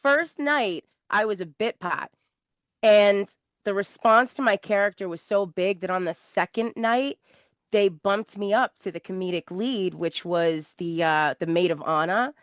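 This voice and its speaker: A woman in her thirties with a thick South Shore Massachusetts accent tells stories as a comedy guest, rambling and laughing often. She speaks in an animated, casual way. The recording sounds dull and lo-fi, with a dry, close sound. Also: mid-range voice, a little slow, no echo. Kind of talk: casual storytelling interview.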